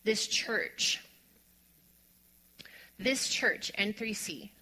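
A woman delivers a sermon with a bright, clear tone. She moves between soft, almost hushed passages and emphatic, rising declarations, explaining scripture to her listeners. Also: mid-range voice, very slow, poor audio. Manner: expressive, drops to a hush on quiet lines and rises to emphatic on strong ones. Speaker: preacher.

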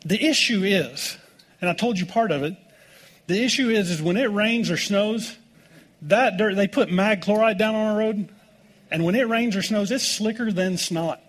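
A man's voice: sits high, moderate pace, a bit bright. A middle-aged American man preaching a sermon as pastor, telling folksy stories with jokes. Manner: folksy, joking storytelling with laughs.

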